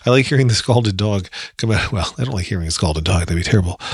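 A man's voice: lowish voice, quick pace, slightly rough, no room sound, clean studio sound. A man with a New Jersey accent hosting a casual solo podcast, chatty and rambling with self-deprecating asides. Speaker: podcast host.

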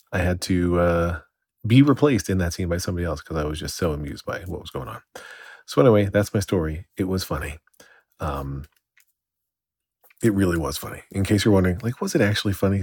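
A man's voice: low voice, a little mellow, husky, dry recording. A young adult man hosting a casual solo podcast, telling a story in a rambly, slightly distracted way. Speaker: podcast host.

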